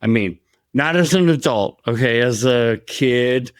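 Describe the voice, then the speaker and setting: A man co-hosts a podcast in easy, unhurried chat. His voice is smooth and resonant and sounds dry and close. He tells his stories in a rambling way, often laughing along the way. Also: medium pitch, dry recording. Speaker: podcast co-host.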